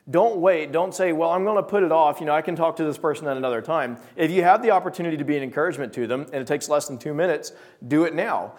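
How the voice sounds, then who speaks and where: Lively young male preacher. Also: on the high side. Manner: animated storytelling with voiced quotes. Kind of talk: sermon. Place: small church gathering.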